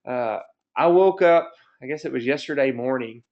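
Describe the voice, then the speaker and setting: A man's voice: medium pitch, moderate pace. A man in his thirties, a camp staff director hosting a parent webinar, telling stories in an upbeat, chatty way. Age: 30s. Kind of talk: presenting a webinar with personal stories. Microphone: computer mic on a webinar. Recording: dull lo-fi webinar audio.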